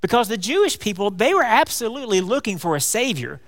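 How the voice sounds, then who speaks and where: A man preaching a folksy, animated sermon, calling his congregation y'all. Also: high-pitched, fast. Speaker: pastor. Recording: long hall reverb.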